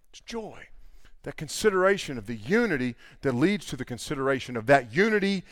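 A man with a medium-pitched voice speaks fast, recorded in a clean, echo-free studio. He delivers a conversational sermon, telling animated stories and mimicking people as he acts out everyday dialogues to make his point.

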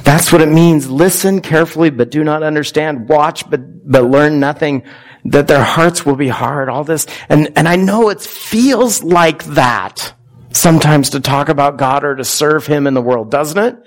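A man's voice: on the high side, animated, moderate pace. A man preaching a conversational sermon in a church, often asking his congregation questions. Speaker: pastor.

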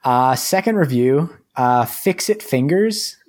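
A young man from New Hampshire hosts a relaxed podcast chat. His voice sits at a middling pitch with a slightly husky edge. He laughs easily and keeps things loose. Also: slow. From New Hampshire, USA. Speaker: podcast host. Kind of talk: casual chat.

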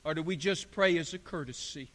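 High, bright-voiced preaching man. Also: fairly quick, in a large hall. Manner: emphatic preaching with repeated parallel phrases. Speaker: pastor. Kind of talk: sermon.

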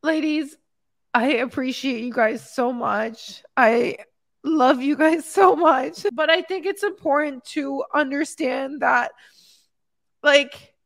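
This fitness coach and podcast host sits high in pitch and speaks at a slow pace, recorded in clean studio sound with no room noise. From her home in Mexico she's on a live stream, reading comments about her clients' wins. She hypes them up with upbeat cheering and gets emotional, heart on her sleeve.

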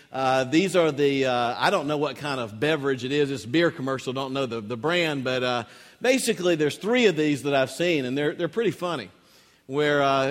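A man's voice: on the high side, a bit bright, long reverb tail. A man preaching a sermon in a conversational storytelling way, restarting his phrases as he goes. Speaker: pastor. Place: church.

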